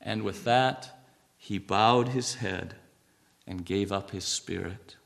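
A man preaching a sermon, reading scripture slowly and swinging between a hushed voice and raised, emphatic lines. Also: lowish voice, gravelly. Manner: reads scripture aloud with slow emphasis.

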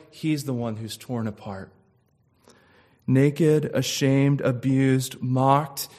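A man preaching a sermon slowly and emphatically, building to loud, impassioned peaks. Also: medium pitch.

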